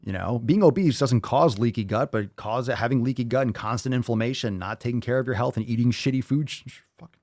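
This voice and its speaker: A man's voice: medium pitch, brisk, hardly any pauses, a little mellow, dry recording, studio quality. A man hosting a livestreamed podcast, ranting with constant profanity and sarcasm while reading viewer comments. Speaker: podcast host. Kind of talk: livestream rant.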